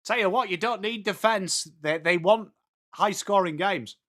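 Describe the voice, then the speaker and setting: A young northern English guy hosts a footy watchalong stream, high-pitched and speaking at a measured pace. He chats with viewers between plays, mixing live commentary with reading chat and bantering excitably with them by name.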